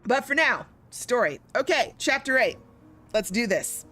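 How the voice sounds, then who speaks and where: A woman's voice: a little high, animated, unhurried, pushed and bright, faint music behind. A woman streaming a story game, chatting casually in a rambling way with many restarts. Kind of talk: casual live-stream chat.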